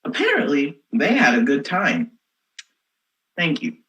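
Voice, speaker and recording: A woman's voice: sits low, huge pitch swings, measured pace, fairly bright tone, exaggerated voice, low-quality recording. Young woman playing a sarcastic teen rebel. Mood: sardonic. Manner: sarcastic, exasperated storyteller. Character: snarky rebellious teen girl student. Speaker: student actor. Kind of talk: comic stage monologue.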